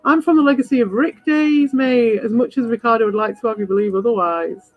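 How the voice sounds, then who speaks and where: A woman with a fairly high voice rambles on a livestream, blunt, sweary and confrontational toward her chat. The sound is dull and lo-fi. Faint music plays underneath. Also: a little fast. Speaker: livestream host. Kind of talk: rambling live chat to viewers.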